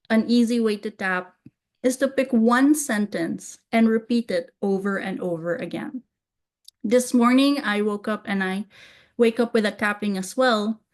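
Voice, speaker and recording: A woman coaching viewers through tapping in a gentle self-help tutorial, softly repeating calming phrases. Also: fairly high pitch.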